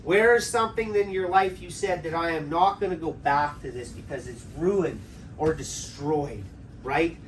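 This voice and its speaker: High-voiced man preaching conversationally. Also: moderate pace. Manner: conversational, draws answers from the congregation, tags lines with "right?". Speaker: pastor. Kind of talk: interactive sermon. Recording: distant mic with faint background noise.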